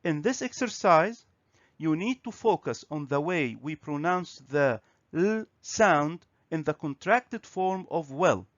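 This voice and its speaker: A man teaching a grammar and pronunciation lesson on video, speaking slowly and clearly. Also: on the high side, animated, no room sound. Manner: slow, clear, instructive. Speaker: English teacher. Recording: dry, slightly dull recording.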